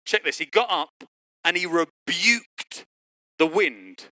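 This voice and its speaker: A man's voice: takes it slowly, no echo, studio quality. A man preaching a sermon, telling a story and acting out the voices of people in it. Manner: lively storytelling, acting out quotes with big pitch jumps. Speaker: pastor. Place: church online service.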